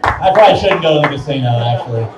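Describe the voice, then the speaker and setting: Young guy doing raunchy standup in a bar, loud punchlines, roomy sound. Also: mid-range voice, lively intonation, very fast, a crowd in the background, background noise. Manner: crude, self-mocking, loud punchlines. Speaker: stand-up comedian. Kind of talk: stand-up comedy set. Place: small bar. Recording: echoey bar from far off.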